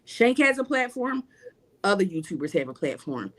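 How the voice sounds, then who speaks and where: A woman's voice: fairly high pitch, very animated, a little fast. A woman guest on a livestream panel, speaking emphatically about spirituality in casual, repetitive, preacher-like runs.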